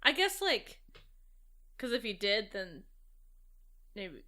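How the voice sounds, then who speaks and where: A woman's voice: mid-range voice, very animated, slow, pushed and bright. A woman co-hosting a casual movie discussion, chatty and laughing often. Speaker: co-host.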